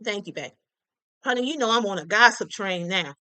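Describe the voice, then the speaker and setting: A woman's voice: mid-range voice, lively intonation, fairly quick, bright, forceful tone, no room sound. A woman hosting a livestream gossip channel, chatting casually and sassily with viewers, calling them honey. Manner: chatty, sassy, calls viewers honey and y'all.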